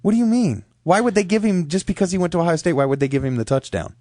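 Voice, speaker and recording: A man's voice: high-pitched, quick pace, dark tone, dry recording, clean studio sound. A man co-hosting a casual sports talk show, arguing his points emphatically. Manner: emphatic, argumentative. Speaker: co-host.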